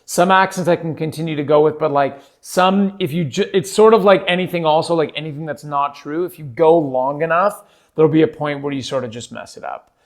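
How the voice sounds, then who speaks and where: A Canadian man in his thirties hosts a casual solo podcast. He rambles along, self-deprecating, with a voice that sits a little high. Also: fairly quick. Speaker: podcast host.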